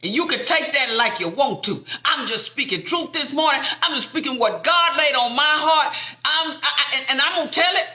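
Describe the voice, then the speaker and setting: A woman preaching fervently, repeating lines and building up to shouts. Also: sits high, animated, normal speed, few pauses, roomy sound. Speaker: inspirational speaker. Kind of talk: impassioned preaching.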